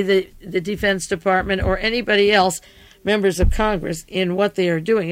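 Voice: medium pitch, no echo. Tired-voiced radio commentator, dry. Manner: rambling, digressive, self-correcting. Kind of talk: taped radio monologue.

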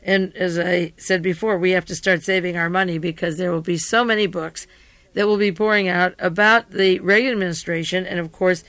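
Tired-voiced commentator, rambling taped radio monologue, mid-range pitch, dry sound. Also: steady tone, brisk, a bit bright, dry recording. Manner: rambling, digressive, self-correcting.

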